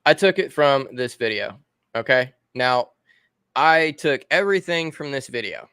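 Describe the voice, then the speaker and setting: A man's voice: medium pitch, animated, unhurried, pushed and bright, clean tone, no room sound, clean studio sound. A man guesting on a livestream, casually explaining things step by step while he shares his screen over a call. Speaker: guest co-host.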